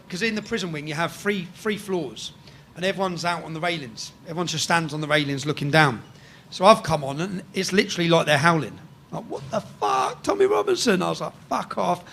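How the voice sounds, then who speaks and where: An English man telling a rough story in casual chat, swearing freely and tagging sentences with "yeah?". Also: a little high, a little fast, a bit bright, slight background noise. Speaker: guest storyteller.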